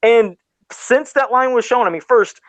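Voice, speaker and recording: Man, podcast host, high voice, dry close sound, rambling and excited. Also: unhurried, no room sound, poor audio. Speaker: podcast host and toy customizer. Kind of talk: casual podcast chat.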